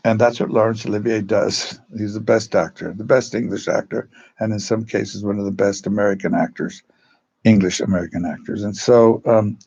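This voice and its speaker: Gravelly low-voiced man telling stories. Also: fairly even intonation, a little mellow, dull audio. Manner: rambling, halting, acts out quotes in changed voices. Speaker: drama teacher. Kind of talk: storytelling, casual talk.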